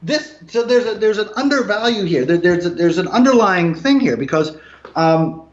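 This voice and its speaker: A man talks with strong emphasis, his lively voice swooping from low grumbles to high, exasperated peaks. The sound is roomy and dull, as if in a bare apartment over a lo-fi line. He swears now and then and leans hard on his points. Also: normal speed. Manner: emphatic, swings between low mutters and raised outbursts, swears. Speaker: guest. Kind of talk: casual video call conversation.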